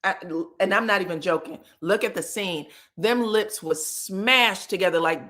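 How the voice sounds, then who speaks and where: A woman's voice: mid-range voice, moderate pace. Sassy woman recapping reality TV drama. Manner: sassy, slangy, profane storytelling; acts out quotes with lively voices. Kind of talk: casual livestream recap.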